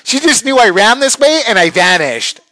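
Animated, crude male comic storyteller. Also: high voice, moderate pace, no room sound. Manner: animated, crude, acts out voices with big jumps. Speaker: comedian telling a story.

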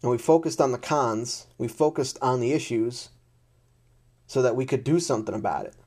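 A man's voice: mid-range voice, normal speed, darkish tone, slightly rough. A man in an unscripted rant to camera, blunt and exasperated, swearing often and repeating himself. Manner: blunt, heavy swearing, repetitive; frustrated and exasperated.

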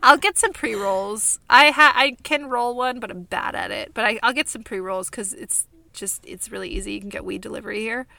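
A woman's voice: fairly high pitch, brisk, gravelly, few pauses, pushed and bright, no room sound. A young woman from California co-hosting a podcast, chatting casually with lots of fillers and laughs. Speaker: podcast co-host. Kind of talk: casual chat.

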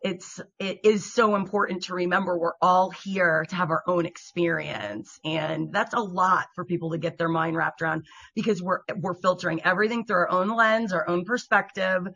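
A woman co-hosting a podcast talks casually and earnestly. Her voice is bright and forceful with a husky edge, and she sounds reflective as she explains her views. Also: fairly low pitch, steady tone, moderate pace, hardly any pauses. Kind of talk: casual chat.

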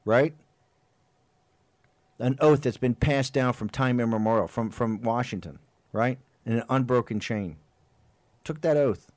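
A man's voice: mid-range voice, a little slow, pauses often, a little mellow, no echo. A man hosting a political talk show, delivering an impassioned, rambling monologue full of emphatic repetition. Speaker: host.

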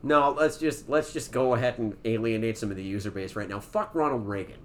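A man's voice: medium pitch, a little fast, a little hiss or hum. A man co-hosting a podcast in casual chat, blunt and profane, laughing often and cutting in. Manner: blunt, profane, laughs often, jumps in over the other speaker. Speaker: podcast co-host.

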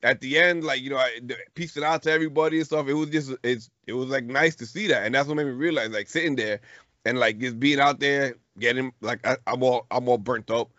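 Here a middle-aged man co-hosting a podcast chats casually through a story, his slangy speech full of restarts. The mid-range voice is fairly quick with a sharp tone and no room sound, on dull lo-fi audio.

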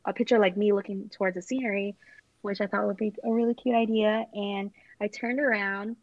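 Giggly young woman with gravelly fry. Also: mid-range voice, steady tone, brisk, dry recording. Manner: rambling, giggly, many fillers. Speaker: guest telling her engagement story. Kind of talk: casual chat. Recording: dull lo-fi sound.

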